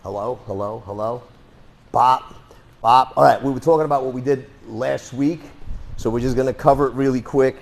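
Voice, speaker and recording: A man's voice: medium pitch, fairly quick, creaky, darkish tone. A man teaching a self-defense class in a casual, rambling way, with sarcastic asides. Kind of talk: casual live class talk.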